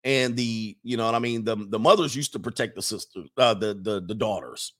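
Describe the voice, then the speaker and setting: A man's voice: lowish voice, a little fast. Male commentator, casual monologue, colloquial, leans on "all right," mocking impressions. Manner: animated, mocking impressions, frequent laughs.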